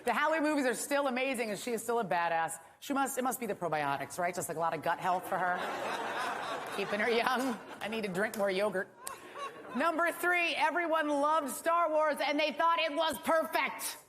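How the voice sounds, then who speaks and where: A woman's voice: a little high, lively intonation, brisk. A woman hosting an awards ceremony, delivering a stand-up monologue with wry jokes and asides to a live audience. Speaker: awards show host. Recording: echoey hall with faint room noise.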